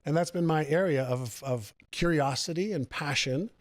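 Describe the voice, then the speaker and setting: A man guest on an interview show, telling a personal story in an animated way and repeating phrases for emphasis. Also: fairly high pitch, normal speed, no room sound, clean studio sound. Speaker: guest author on personal growth.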